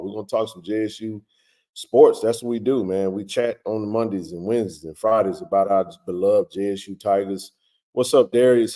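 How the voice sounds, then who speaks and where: A man hosting a casual live stream, greeting viewers by name with a relaxed, filler-heavy way of talking. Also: lowish voice.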